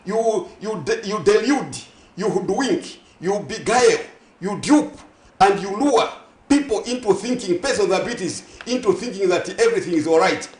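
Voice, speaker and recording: A man with a Zambian accent, guest on a morning TV talk show, argues emphatically, stacking synonyms and asking whether people follow him. His high, expressive voice has a darkish tone and a moderate pace, heard in an echoey studio room.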